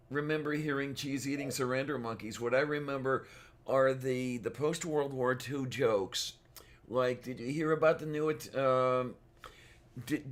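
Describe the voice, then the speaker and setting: A man co-hosting a casual chat show, talking hesitantly and softly with many pauses and restarts. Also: mid-range voice. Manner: hesitant, many fillers and restarts, soft-spoken. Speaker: podcast co-host.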